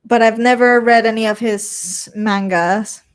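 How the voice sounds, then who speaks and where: A woman's voice: on the high side, steady tone, measured pace. A young woman with a Venezuelan accent, chatting casually as she reads viewer questions aloud and answers them. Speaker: streamer reading chat. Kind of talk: casual chat.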